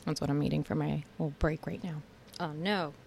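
A woman's voice: deep voice, fairly even intonation, fairly quick, vocal fry, darkish tone, a little hiss or hum. A young woman hosting a casual educational podcast, chatty and joking, on a close mic. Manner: chatty, joking, goes off on tangents. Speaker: podcast host.

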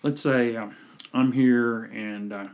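On a podcast, a man who works as a communication coach tells stories in a casual chat, speaking slowly at a medium pitch. He's an animated storyteller who acts out the people he quotes.

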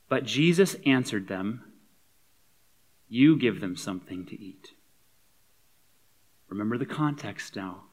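A man's voice: mid-range voice, fairly bright tone. A man preaching a sermon as a pastor. He is conversational and humorous, and he builds to emphatic points.

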